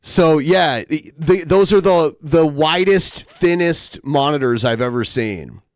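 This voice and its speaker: Brief: male host, casual reaction talk, dry asides, very animated pitch. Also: slow pace, dry recording. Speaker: show host.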